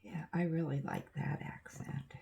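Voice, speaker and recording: A woman's voice: deep voice, fairly even intonation, measured pace, creaky, dark tone, a little hiss or hum. An older woman with an Oregon accent, chatting casually and rambling through stories while she works on a craft. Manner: rambling, chatty storytelling with asides. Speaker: crafting vlogger. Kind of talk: casual chat while diamond painting.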